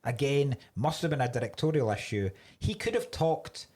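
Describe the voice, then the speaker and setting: Animated man ranting on a comedy podcast. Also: medium pitch, moderate pace, slightly rough. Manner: animated ranting, swears freely, acts out mock quotes. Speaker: podcast co-host. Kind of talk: casual comedic chat.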